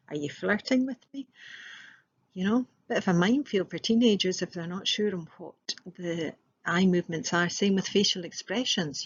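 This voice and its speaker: Woman doing a training talk, husky lowish voice, bit muffled recording, lots of rhetorical questions. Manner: explanatory, with rhetorical questions and fillers. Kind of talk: recorded presentation.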